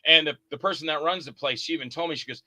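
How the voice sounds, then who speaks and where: A man's voice: a little high, rapid-fire, no room sound. A man, an indie horror actor and filmmaker, telling stories in a casual interview, acting out the people in them and swearing freely. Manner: animated, acts out the other people in his stories.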